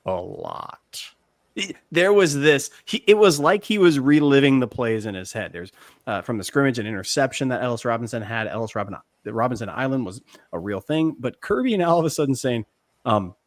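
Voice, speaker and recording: Enthusiastic male podcast co-host, mid-pitched, dry close-mic sound. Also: expressive, brisk, dry recording. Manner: enthusiastic, builds up his predictions. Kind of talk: casual sports talk.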